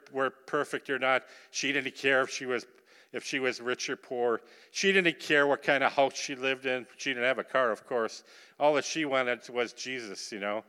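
A man preaching in a church sanctuary, his voice bright and ringing with a smooth, resonant clarity. He tells his story with animated emphasis and turns to the congregation with questions. A long reverb trails behind every phrase. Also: medium pitch. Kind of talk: sermon with personal storytelling.

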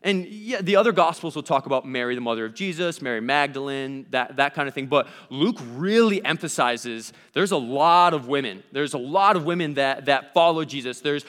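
A man's voice: a little high, expressive, normal speed, hardly any pauses, a bit bright, long reverb tail. A man giving a conversational sermon, thinking aloud with restarts and asking questions of the text. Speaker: preacher.

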